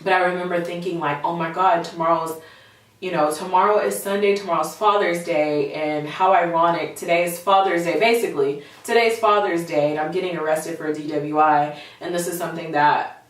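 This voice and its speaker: A woman's voice: on the low side, brisk. A young woman in her twenties, telling a personal story to camera in a candid, chatty way, full of fillers. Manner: candid, chatty, animated retelling with lots of fillers. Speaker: vlogger. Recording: very echoey room, voice far from mic.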